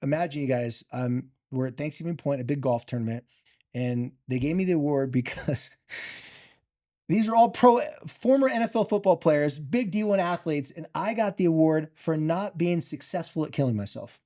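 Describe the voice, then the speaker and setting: Man, former football player, heartfelt storyteller, fast bursts, mellow voice. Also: a little high. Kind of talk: emotional storytelling.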